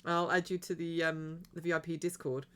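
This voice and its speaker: A woman's voice: deep voice, flat delivery, normal speed, fairly bright tone, smooth. A woman livestreaming a video game, chatting casually to her viewers in a rambling way and giggling often. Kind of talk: casual chat while streaming a game.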